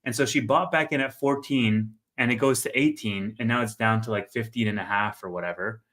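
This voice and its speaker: Bright-voiced young man telling a story. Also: on the low side. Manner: animated storyteller, quick asides, laughs. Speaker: co-host of a stock market stream. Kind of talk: casual livestream chat.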